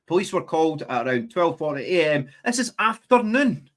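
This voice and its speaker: Man, host, sarcastic, exasperated, rather high voice. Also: very animated, normal speed, fairly bright tone. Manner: sarcastic, exasperated, rising to outbursts. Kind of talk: reading and ranting about news.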